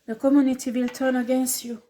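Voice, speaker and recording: A woman's voice: high voice, little pitch movement, fairly quick, warm tone. A woman giving a tarot reading who scolds bluntly and swears freely, repeating rhetorical questions for emphasis. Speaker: tarot reader.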